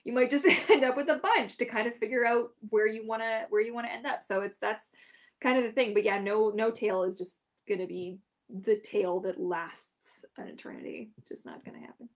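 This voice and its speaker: A woman's voice: fairly high pitch, moderate pace. Giggly, chatty woman hosting a livestream. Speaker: mermaid performer hosting a live Q&A. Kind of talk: casual livestream Q&A.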